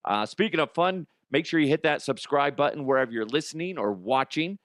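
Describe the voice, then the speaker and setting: A man's voice: fairly high pitch, expressive, a little fast, a bit bright, no echo, clean studio sound. A middle-aged man hosting his own comedy podcast, rambling and swearing, laughing often at his own jokes. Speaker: podcast host. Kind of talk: casual comedic monologue.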